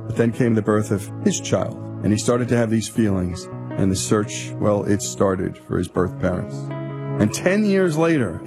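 A male radio host narrating and wrapping up a story segment in a measured, storytelling delivery. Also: on the low side. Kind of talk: scripted narration. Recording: guitar music beneath.

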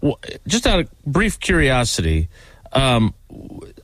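A man's voice: medium pitch, wildly swooping pitch, takes it slowly, a bit bright. A man co-hosting a casual sports podcast, tossing in wry quips. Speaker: podcast co-host.

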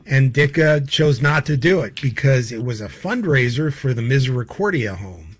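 A man's voice: mid-range voice, animated, normal speed, breathy edge. Male podcast guest with a mid-range voice, rambling anecdotes, laughs through the telling. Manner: rambling, laughing as he tells stories, many fillers. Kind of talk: casual anecdotal storytelling.

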